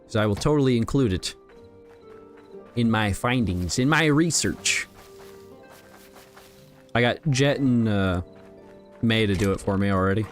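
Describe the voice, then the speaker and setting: A man chatting casually on a game livestream, rambling and relaxed as he talks to his viewers while playing. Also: on the low side, a little slow, pauses often, soft background music. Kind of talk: casual gaming livestream chat.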